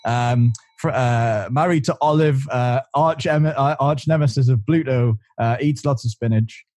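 Halting male co-host giving clues. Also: mid-range voice, a little mellow, no echo. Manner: halting, many "uh" fillers. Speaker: podcast co-host. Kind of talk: quiz game clues.

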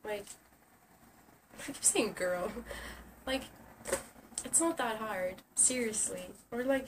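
A young woman who is sick, ranting sarcastically in a casual vlog and swearing often. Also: mid-range voice. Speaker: vlogger. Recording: distant camera mic with faint hiss.

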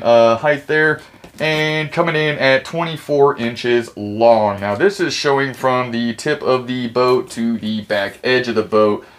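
A man hosting a casual unboxing review, excitable, jokey and rambling. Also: medium pitch. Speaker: channel host, reviewer.

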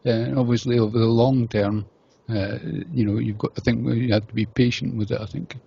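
A male radio host with a warm, husky voice, speaking loosely and padding his lines with uhs. The audio is dull and lo-fi. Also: medium pitch, steady tone, brisk. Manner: loose, rambling delivery with many uhs. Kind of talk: radio interview hosting.

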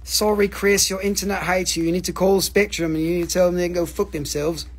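A man's voice: sits high, fairly even intonation, brisk. A man selling crystals on a livestream in casual patter, joking and swearing as he rambles through prices. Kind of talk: casual live-sale patter.

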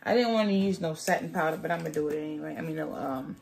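Woman vlogger, low voice, gravelly, sassy and joking, faint music behind. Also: quick pace, darkish tone. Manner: sassy, playful, jokes with viewers. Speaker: beauty vlogger. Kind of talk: chatty wig tutorial.

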